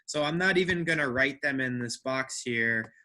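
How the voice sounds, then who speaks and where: A man's voice: medium pitch, moderate pace, bright, forceful tone. A man teaching an English class, who checks understanding with frequent "right?" and repeats words to drill their stress.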